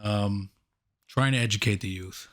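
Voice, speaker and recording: A man's voice: fairly low pitch, measured pace. A man co-hosting a podcast in casual, crude chat, joking and teasing his friends. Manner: joking, drops into impressions. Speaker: podcast co-host.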